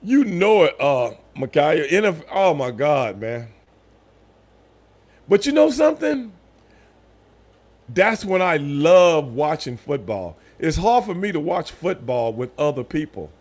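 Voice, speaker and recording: A man in his fifties chatting casually on a live stream, telling animated stories with loud voiced outbursts. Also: fairly high pitch, unhurried. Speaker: streamer host.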